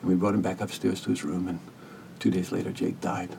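A man speaks in a low, gravelly, mellow voice, and he tells a hospice story gently and earnestly. He sits a little off the mic, with a faint rumble underneath. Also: level tone, fairly quick, recorded from a distance. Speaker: hospice caregiver, podcast guest. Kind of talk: reflective storytelling interview.

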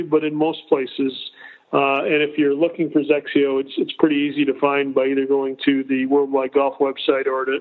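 A man in his fifties, a guest on a casual interview, explaining at length with frequent restarts. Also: mid-range voice. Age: 50s. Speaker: golf company executive guest. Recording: tinny phone line.

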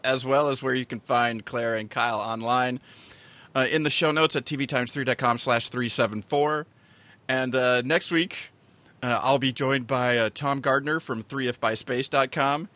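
A man's voice: medium pitch, steady tone, normal speed, pushed and bright, no room sound. A man hosting a podcast in casual chat, laughing often while he teases his guests. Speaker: podcast host.

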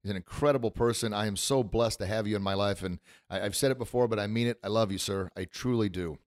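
A male podcast host with a fairly low voice talks in an effusive, grateful way, choked up with emotion. The sound is dry and close. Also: fast, no room sound. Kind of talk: casual podcast chat.

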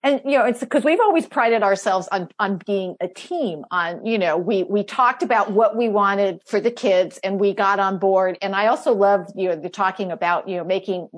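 A woman's voice: mid-range voice, moderate pace, few pauses. A middle-aged woman hosting a podcast, chatting casually and telling family stories with frequent laughs. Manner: chatty storyteller, laughs often, mimics her own past exclamations. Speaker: podcast host. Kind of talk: casual chat.

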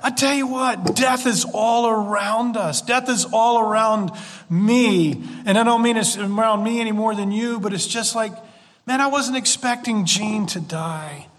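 A man with a notably high voice preaches a sermon in an earnest, conversational way, dropping folksy asides as he goes. His words ring out with a long reverb, as if in a church sanctuary. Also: unhurried, a bit bright. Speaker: pastor.

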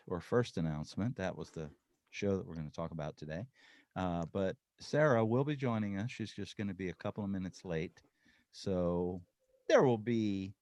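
A man's voice: fairly low pitch, no echo. A man hosting a podcast in casual chat, rambling and joking with lots of fillers. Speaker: podcast host.

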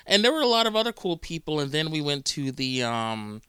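A man hosting a podcast in a chatty, rambling way, often correcting himself as he goes. His voice is bright and crisp, a bit higher than most men's, recorded dry and close. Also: sing-song, a little fast, dry recording. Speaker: podcast host. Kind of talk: casual chat.

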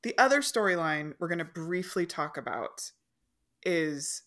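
Wry, lower-voiced woman podcast host. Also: expressive, measured pace, a bit bright. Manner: wry, laughing, reads from her notes. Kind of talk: casual chat recap.

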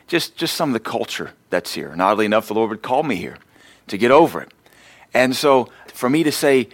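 A man's voice: on the low side, lively intonation, a little fast, dry recording. A man pastor delivering a conversational sermon lesson, mixing scripture with personal stories told against himself. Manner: conversational preaching with self-deprecating stories. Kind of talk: sermon teaching.

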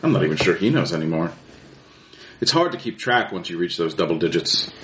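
Villain voiced by a man: calm, taunting, lively low delivery, slight room echo. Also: fairly quick. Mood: menacing. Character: sinister man who taunts and kills. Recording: roomy with faint noise.

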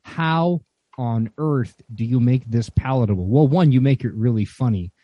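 A man's voice: mid-range voice, normal speed, warm tone, no echo, dull audio. A man on a podcast, talking wryly and emphatically about a favorite movie, joking as he goes. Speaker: podcast guest. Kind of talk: casual chat about movies.

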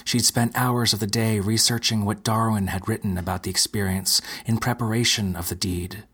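A man narrating a dark fantasy story in a steady, measured way, with a husky voice. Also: on the low side. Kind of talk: scripted narration.

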